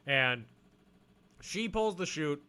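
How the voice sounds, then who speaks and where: A man's voice: a little high, animated, takes it slowly, pushed and bright, clean tone. A young man co-hosting a podcast, casually recapping a film with playful jokes. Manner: playful, jokey, breaks into silly voices. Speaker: podcast co-host.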